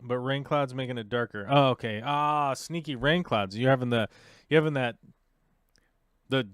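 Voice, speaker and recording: A man's voice: medium pitch, normal speed, fairly bright tone, smooth, no room sound. Male livestream host, playful, self-mocking talker, resonant voice, dead-dry sound. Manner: playful, thinks aloud, jokes at himself. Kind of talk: casual livestream chat.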